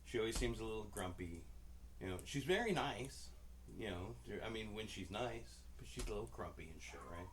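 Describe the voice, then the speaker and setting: A man's voice: on the low side, expressive, fairly quick, a little hiss or hum. Profane man telling rambling stories. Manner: profane, rambling, acts out quoted dialogue. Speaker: podcast co-host. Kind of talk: casual storytelling chat.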